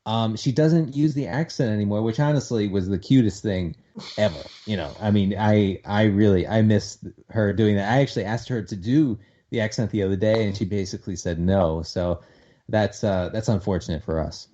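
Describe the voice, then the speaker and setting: An American man with an East Coast accent, a guest on a casual podcast, talking in a wry, halting way with many restarts. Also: lowish voice, mellow, lo-fi sound, slight background noise.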